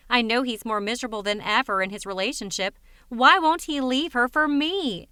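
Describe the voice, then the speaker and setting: A woman's voice: fairly high pitch, sharp tone, smooth, no room sound, studio quality. A woman voicing a lonely, wistful friend who confides frankly. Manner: plaintive, confiding.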